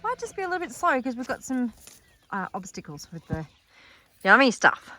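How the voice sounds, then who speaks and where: A woman's voice: very animated, a little fast, pushed and bright, no echo. Chatty australian woman filming outdoors. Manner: chatty, affectionate, talks to the animals in a high baby voice. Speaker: animal sanctuary owner. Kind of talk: casual vlog narration while filming. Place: outdoors on a farm, in paddocks with animals. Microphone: handheld phone camera, voice shifting closer and farther.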